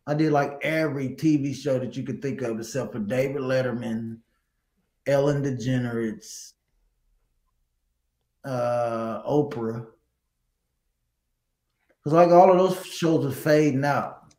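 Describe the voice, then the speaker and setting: A middle-aged man, a guest singer, telling stories in a casual interview, animated and laughing. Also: medium pitch, slow, pauses often, roomy sound, low-quality recording.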